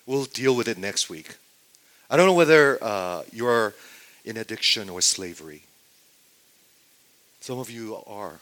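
A man preaching a sermon, often asking his congregation questions and swinging between loud declarations and near-hushed asides. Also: on the low side, animated, unhurried, long pauses. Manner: asks the congregation rhetorical questions. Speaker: pastor.

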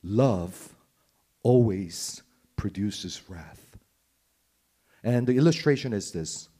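A man's voice: on the low side, expressive, takes it slowly, warm tone, slightly rough. A man preaching a sermon, asking the listeners questions and swinging from emphatic stress down to a near-whisper. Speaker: pastor.

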